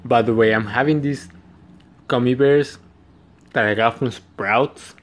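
Eating while he talks, this young vlogger speaks unhurriedly in a medium-pitched voice. His story wanders casually, full of laughter and cursing.

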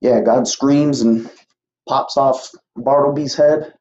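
A young man on his podcast casually retells a movie plot, rambling, swearing freely, and acting out what the characters say. His mid-range voice is slow and dark with fairly even intonation, and the home recording sounds muffled and roomy.

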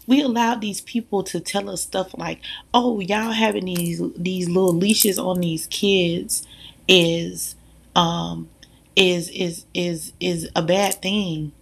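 Mom vlogger: husky, gravelly woman, emphatic, talks right at the audience. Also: mid-range voice. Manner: animated, emphatic, addresses listeners directly. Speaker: mother sharing views. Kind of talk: casual monologue to viewers.

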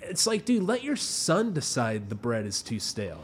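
A young adult man, a podcast co-host, telling a story in casual chat with lively delivery and free swearing. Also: mid-range voice, normal speed, a little hiss or hum. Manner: animated storytelling, swears freely.

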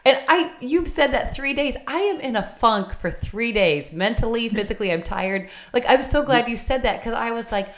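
A woman hosting an interview who talks in a lively, animated way and acts out quoted exchanges. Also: fairly high pitch, normal speed, hardly any pauses. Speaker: host. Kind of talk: conversational interview.

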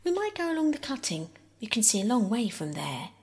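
A woman reading aloud, voicing a sensible, peacemaking older girl in a calm, tactful way. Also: a little high, a little fast, voice pushed up.

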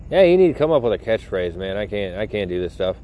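A middle-aged man with a fairly low voice rambles to his viewers from inside a moving car. He talks loosely and crudely, cracking jokes at his own expense. A faint hum of road noise sits under his voice. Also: very animated, quick pace, mellow. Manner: joking, crude, self-mocking. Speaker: vlogger. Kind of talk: casual rambling chat to viewers.

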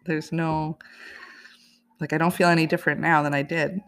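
A woman's voice: sits low, little pitch movement, normal speed, a bit bright. A woman hosting a podcast, telling a personal story in a chatty, casual way and laughing often. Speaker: podcast host.

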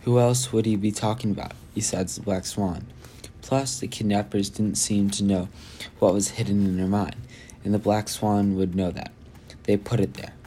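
An amateur audiobook reader, a man with a lowish, mellow voice, reads a novel chapter aloud at normal speed with fairly even intonation. He often slips, restarts lines, and throws in his own asides, over a bit of hiss or hum.

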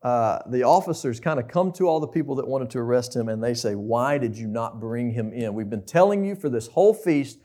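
A man's voice: medium pitch, fairly quick, hardly any pauses, dark tone. A young man preaching a conversational sermon, asking the listeners questions.

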